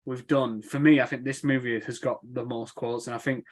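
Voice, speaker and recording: A man's voice: medium pitch, level tone, normal speed. Brief: young male podcast co-host, casual and enthusiastic, mid-range voice. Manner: enthusiastic, laughing, swearing, quotes film lines. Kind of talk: casual film chat.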